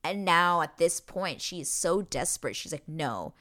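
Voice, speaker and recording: A woman's voice: fairly low pitch, normal speed, sharp tone. A woman hosting a podcast, recapping a show episode in an emotional, gushing, rambling way full of fillers. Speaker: podcast host. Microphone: podcast microphone.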